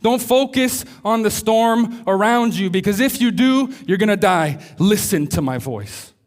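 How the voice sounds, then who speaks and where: A steady male emergency controller on the radio, firm and insistent, repeating his orders, as a preacher acts him out. The voice sits high for a man, and the lines are spoken with deliberate weight. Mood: commanding.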